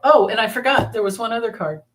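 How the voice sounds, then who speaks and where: A woman hosting a live tarot reading, talking in a rambling, halting way as she explains the cards in a casual chat. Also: a little high, animated, a bit bright. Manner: rambling, halting, with frequent restarts and laughter. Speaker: tarot reader, channel host.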